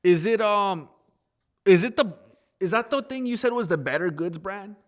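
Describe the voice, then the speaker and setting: A man's voice: high-pitched, animated, normal speed. A man chatting casually on a live stream, rambling about fighting and snacks, laughing often and answering his chat.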